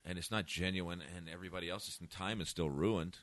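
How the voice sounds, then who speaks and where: A man's voice: low-pitched, fairly even intonation, a little fast, a bit bright, dry recording. A man who is a stand-up comedian, telling blunt, profane stories in casual chat. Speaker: comedian guest.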